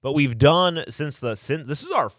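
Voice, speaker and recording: Rambling podcast host, lively voice. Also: male voice, on the high side, moderate pace, dry recording, studio quality. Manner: rambling, unsure, laughing. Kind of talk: casual comedic podcast chat.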